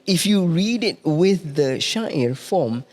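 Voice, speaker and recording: Animated man, lively pitch. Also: takes it slowly. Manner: animated, laughs often, hums out rhythms. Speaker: translator, interview guest. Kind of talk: casual interview chat.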